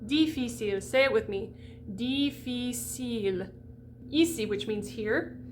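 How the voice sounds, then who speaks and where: A woman's voice: medium pitch, moderate pace, a little hiss or hum. Chatty, emphatic woman voice coach. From United States. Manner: chatty, emphatic, demonstrates sounds aloud. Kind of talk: pronunciation lesson for singers.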